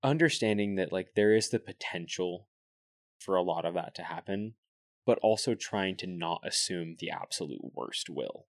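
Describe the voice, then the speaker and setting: A man's voice: sits low, expressive, normal speed, no room sound, clean studio sound. A young man, a podcast co-host, telling long rambling stories in casual chat, full of "like". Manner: rambling storyteller, heavy use of filler "like".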